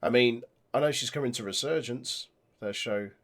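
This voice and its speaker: A man co-hosting a casual podcast, relaxed and agreeable, mostly chiming in with short replies. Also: mid-range voice, normal speed. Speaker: podcast co-host. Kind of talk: casual chat.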